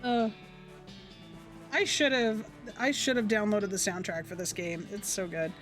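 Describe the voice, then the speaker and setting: A woman's voice: mid-range voice, expressive, slow, faint music behind. A young woman streaming a game, chatting casually with viewers and reading game text aloud in an upbeat way. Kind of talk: casual gameplay livestream chat.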